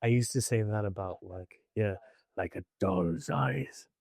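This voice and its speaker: A man doing a low, gruff impression of a drunk old sea captain who hunts sharks. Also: a little slow, a little mellow, no echo, studio quality.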